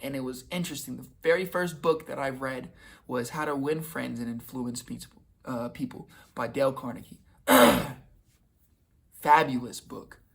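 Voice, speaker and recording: A man's voice: mid-range voice, moderate pace, creaky, fairly bright tone, breathy edge. A young man in his twenties telling a personal story in a loose, casual way, full of slang and swearing. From United States. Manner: casual and profane, with slang and restarts. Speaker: vlogger.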